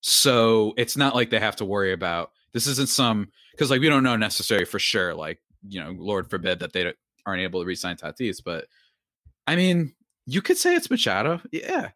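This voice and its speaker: On his podcast, a young man with a lowish voice speaks a little fast, barely pausing, as he rambles about sports, cutting himself off and wandering into asides. The recording is dry and studio quality.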